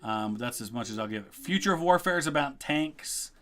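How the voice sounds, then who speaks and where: A middle-aged man chatting casually as a history video host, relaxed and thinking aloud with frequent ums. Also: mid-range voice, a little fast. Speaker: history YouTuber, guest co-host. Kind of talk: casual ranking chat.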